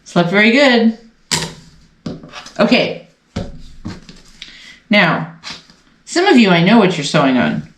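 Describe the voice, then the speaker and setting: A sewing channel host leads a casual sew-along, chatting and thinking aloud as she works at her machine. Her medium-pitched voice is very animated yet slow, with frequent pauses, and the recording has roomy echo and faint noise.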